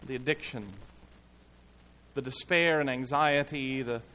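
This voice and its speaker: A man preaching a sermon as pastor, in a measured, emphatic way with dramatic pauses. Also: mid-range voice, fairly even intonation, sharp tone.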